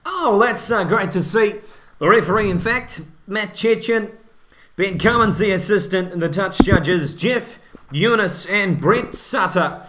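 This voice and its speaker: A man doing lead commentary for a match, brisk play-by-play with joking banter. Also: high-pitched, roomy sound, noisy background. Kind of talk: comedic amateur sports commentary.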